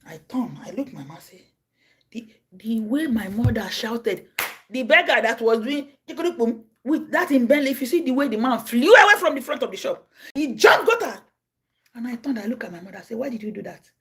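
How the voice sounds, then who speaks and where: Nigerian woman telling stories, husky and animated. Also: fairly quick. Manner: acts out the people in her stories, jumping from a low murmur to high cries and shouts. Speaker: livestream host. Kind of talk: casual storytelling.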